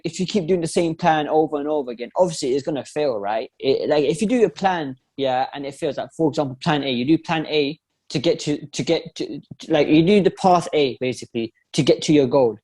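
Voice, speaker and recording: A young man co-hosting a podcast in casual chat, slangy and loose in quick bursts. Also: fairly high pitch, darkish tone. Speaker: podcast co-host.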